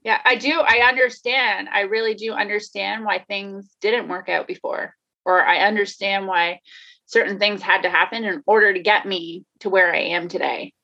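A woman's voice: medium pitch, steady tone, moderate pace, gravelly, sharp tone. A woman talking candidly in a casual conversation, laughing often, swearing and restarting her sentences. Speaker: guest, life coach. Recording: dull lo-fi sound.

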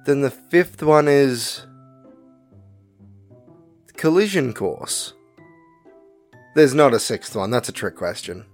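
A man hosting a casual podcast quiz, reading each question and its options slowly and deliberately. His pitch swings a lot as he talks, and he drifts into friendly asides between questions. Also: big pitch swings, faint music behind. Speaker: podcast co-host and quizmaster.

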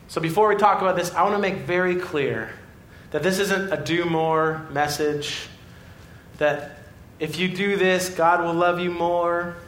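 A man preaches with a fairly high, lively voice that jumps from excited storytelling to quiet, earnest moments. The sermon is recorded in an echoey church room with a faint low rumble underneath. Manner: animated storytelling, swings between excited and quiet. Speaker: pastor.

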